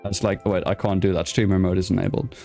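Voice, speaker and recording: A man's voice: deep voice, steady tone, quick pace, mellow, soft background music. A young man hosting a casual interview, playful and teasing, often stammering and restarting. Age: young adult. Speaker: host.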